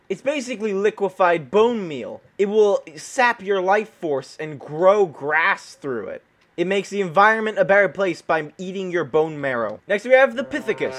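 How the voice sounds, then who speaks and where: A man hosting gameplay commentary, excitable and dramatic, often yelping and exclaiming with joking mock outrage. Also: sits high, moderate pace. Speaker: gaming video host.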